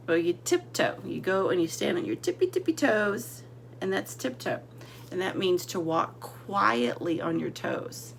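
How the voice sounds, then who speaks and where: A woman teacher giving a slow, deliberate vocabulary lesson to young children, sounding out words letter by letter and sometimes dropping to a whisper. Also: on the low side, sing-song, gravelly, a little hiss or hum.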